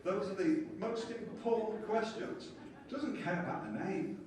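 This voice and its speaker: A man giving a lively conference lecture and explaining ideas with small acted-out scenes. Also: sits high, a little slow, a crowd in the background. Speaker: conference speaker. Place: conference hall. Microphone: distant from the mic. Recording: echoey hall from far off, faint ambience.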